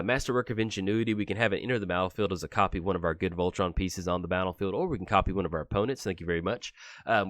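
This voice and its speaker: Fast-talking low-voiced man explaining a deck. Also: fairly bright tone, no room sound, studio quality. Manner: brisk and chatty, with frequent filler "uh"s. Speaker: deck tech presenter. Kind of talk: casual card game deck walkthrough.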